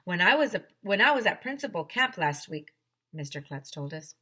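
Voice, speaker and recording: A woman teacher reading a children's chapter book aloud, animated and full of character voices. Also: on the low side, normal speed. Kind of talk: children's storybook read-aloud.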